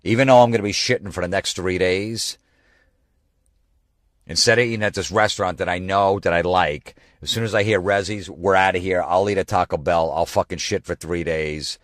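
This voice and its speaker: A low-voiced man rants through a comedy podcast, swearing freely and sounding exasperated. He mocks the people he complains about with quick impressions. The sound is dry and close to the mic. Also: fairly even intonation, a bit bright, no echo. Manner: profane, exasperated ranting with mocking impressions. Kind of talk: ranting comedy podcast monologue.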